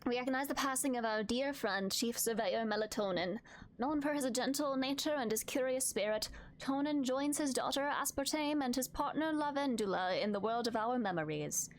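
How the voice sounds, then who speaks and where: A woman's voice: high-pitched, normal speed, slight background noise, lightly acted. A woman doing a serene older governor. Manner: calm, formal speechmaking.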